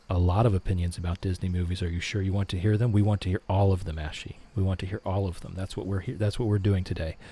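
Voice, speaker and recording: Low, dark-voiced man chatting on stream. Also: slightly rough. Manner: relaxed, reads chat aloud and answers it. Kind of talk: casual live-stream chat reading viewer comments.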